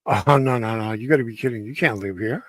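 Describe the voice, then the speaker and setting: A man's voice: medium pitch, fast talker, dry recording, studio quality, pitched below the performer's own voice, close to an everyday voice. A man voicing a disbelieving young man from out of town who laughs off a stranger's claims.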